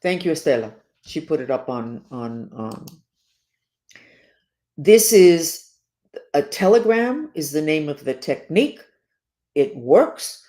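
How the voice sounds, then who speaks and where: A woman's voice: low voice, big pitch swings, takes it slowly, long pauses, warm tone. Earnest woman with an urgent tone. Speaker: spiritual teacher. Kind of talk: spoken monologue to listeners.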